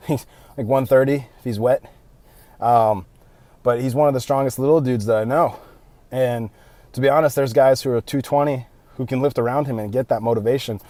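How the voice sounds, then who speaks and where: A man's voice: mid-range voice, dark tone. A young man talking casually and rambling a bit, out of breath, recorded on a handheld phone while doing cardio outdoors. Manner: loose, rambling, with fillers and self-mocking asides. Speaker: powerlifting vlogger. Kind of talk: casual vlog monologue. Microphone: phone held in hand.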